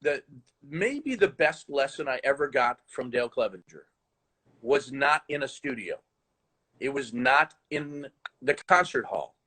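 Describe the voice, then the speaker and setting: A man who teaches the horn, telling stories in animated conversation with frequent restarts over a video call. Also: medium pitch, unhurried, low-quality recording. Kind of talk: conversational storytelling.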